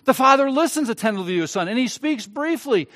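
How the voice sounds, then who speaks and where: A man pastor preaching a sermon, swinging between loud, emphatic stretches and quiet, soft ones. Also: very high-pitched, expressive, fast talker.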